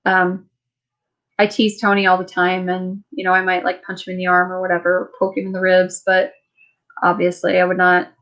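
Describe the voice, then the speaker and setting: A worn-out woman hosts a late-night live stream from her home, chatting loosely and answering viewer comments. She rambles, laughs easily and keeps her tone relaxed and teasing. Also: lowish voice, moderate pace, lo-fi sound. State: tired. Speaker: livestream host. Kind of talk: casual live chat reading viewer comments.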